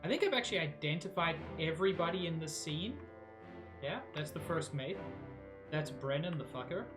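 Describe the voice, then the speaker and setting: Low-voiced woman thinking aloud. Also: animated, moderate pace, music in the background. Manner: casual, musing, self-mocking, mild swearing. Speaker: streamer. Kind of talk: thinking aloud while playing a game live.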